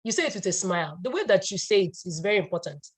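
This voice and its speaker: A woman's voice: mid-range voice, big pitch swings, fast talker, husky. Woman, pharmacist panelist, video call, chatty, repeats herself. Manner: chatty, laughing asides, repeats points. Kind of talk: answering a question on a video call.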